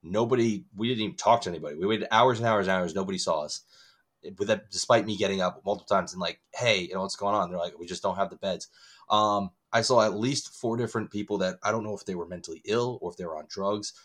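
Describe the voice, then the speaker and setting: A man co-hosting a podcast, telling stories in casual chat with an animated, swearing manner. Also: on the low side, fast talker. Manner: animated storytelling, loud when acting out others. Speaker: podcast co-host.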